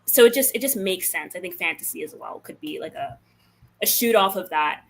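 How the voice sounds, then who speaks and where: A woman's voice: medium pitch, expressive, fairly quick. A woman from New York, a filmmaker answering interview questions casually, thinking aloud with fillers. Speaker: filmmaker guest.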